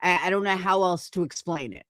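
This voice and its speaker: A woman in a heated stream argument, combative and profane, laying out her point deliberately. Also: lowish voice, fairly bright tone, dry recording, clean studio sound.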